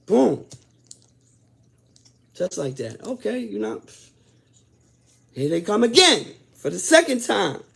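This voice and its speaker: A man with a gravelly, husky voice telling a story in blunt, profane talk. He swings between quiet, subdued stretches and loud, heated bursts as the memories come back. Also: wildly swooping pitch, slow, long pauses. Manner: swings from low and subdued to loud and worked up as he relives events. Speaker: host telling his own prison stories. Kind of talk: casual storytelling.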